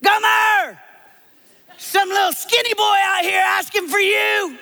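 A woman voicing a gruff older father who shouts and mocks his visitor, in a sermon. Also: high-pitched, animated, normal speed, pitched above the performer's own voice. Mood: yelling. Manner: shouting, jeering. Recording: long hall reverb.

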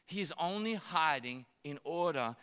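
A man's voice: fairly high pitch, animated, normal speed, fairly bright tone, clean tone. A man in his thirties preaching a sermon on a church stage, playfully acting out little voices to tell his story. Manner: playful, acts out voices of his child and God. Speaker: pastor. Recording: long hall reverb.

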